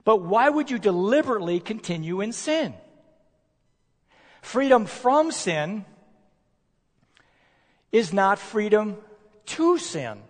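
A male preacher delivering a sermon, emphatic, posing rhetorical questions and slowing down to stress key words. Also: high-pitched, sing-song. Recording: long reverb of a large hall.

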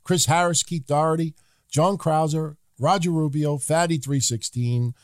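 A man co-hosting a podcast, reading listener names and giving calm, measured opinions in casual chat. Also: fairly high pitch, no room sound, studio quality. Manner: calm, measured, occasionally swearing. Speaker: co-host.

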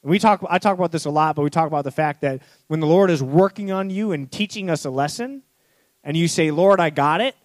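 A man preaching a sermon, telling a parable with swings between urgent speed and hushed, slow emphasis. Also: a little high, dry recording. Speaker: pastor.

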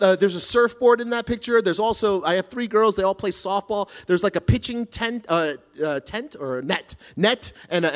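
A middle-aged man preaching a sermon, telling a self-deprecating story with lots of restarts and asides. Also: high voice. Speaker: pastor.

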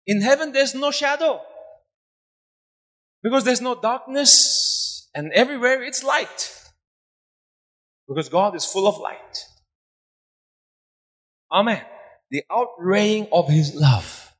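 A man preaches with fervor. His voice sits fairly high for a man, and he shifts between near-whispers and loud bursts while repeating phrases. A long reverb trails his voice through a large hall. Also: lively intonation, slow, pauses often. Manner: impassioned preaching, swinging from soft to loud, repeating phrases for emphasis. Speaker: pastor. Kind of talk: sermon.

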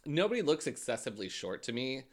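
A man co-hosting a casual podcast chat, talking in an expressive, teasing way. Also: mid-range voice, fast. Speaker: podcast co-host. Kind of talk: casual chat recapping a reality show.

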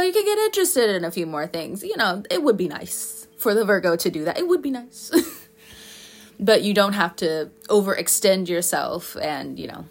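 A woman's voice: mid-range voice, creaky. A woman giving a casual tarot reading, chatty and playful, often laughing and scolding her listeners in fun. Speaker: tarot reader.

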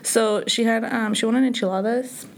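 A woman's voice: fairly high pitch, steady tone, moderate pace, gravelly, a little hiss or hum. A young woman in casual chat, telling a story with many fillers and restarts.

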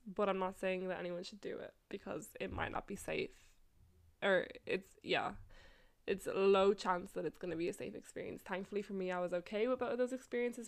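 A young woman hosting a podcast tells a story in a relaxed, chatty monologue. She speaks at a middle pitch, laughs often, swears freely, and fills her sentences with "like."

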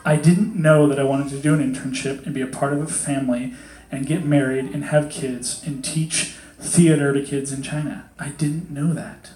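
A man's voice: mid-range voice, fairly even intonation, moderate pace, darkish tone. A man in his thirties giving a casual, joking sermon, acting out quoted voices as he talks. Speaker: preacher. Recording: echoey hall.

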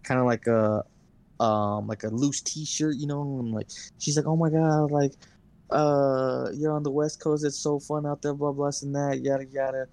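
A man's voice: medium pitch, flat delivery, moderate pace, a little mellow, smooth. Young male podcast co-host, casual storyteller, heavy cursing. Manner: rambling storyteller, heavy swearing and fillers. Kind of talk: casual chat.

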